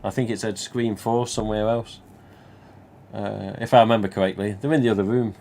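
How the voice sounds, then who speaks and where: Fairly quick and fairly low-pitched, with a dark tone and fairly even intonation, a Nottingham-accented Englishman hosts a livestream. He spins a long, rambling anecdote, chatty and full of asides, you-knows, and mild cursing.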